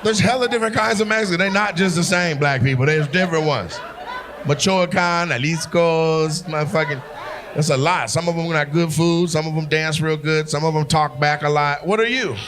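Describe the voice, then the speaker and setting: A man's voice: on the high side, normal speed. A man doing teasing, profane crowd work as a stand-up comedian on a club stage. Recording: live show with crowd noise. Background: audience laughter.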